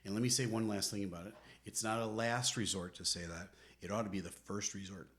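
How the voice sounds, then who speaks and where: A man's voice: fairly low pitch, fairly even intonation, brisk, fairly bright tone. Earnest, emphatic middle-aged man. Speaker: podcast co-host and marriage counselor. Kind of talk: conversational podcast teaching.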